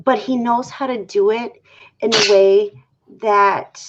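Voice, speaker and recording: A woman's voice: medium pitch, slow, noisy background. A woman speaks unhurriedly on a talk show, openly sharing a personal story. She acts out old exchanges as she talks. The sound is dull and lo-fi. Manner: candid, animated storytelling that acts out her own past quotes. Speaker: guest. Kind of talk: casual talk show conversation.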